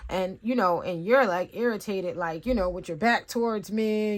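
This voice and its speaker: A chatty tarot reader gives a rambling, conversational reading packed with fillers, telling stories animatedly and acting out asides. Her voice is mid-range, at a normal speed with few pauses, and the talk is casual and spiritual.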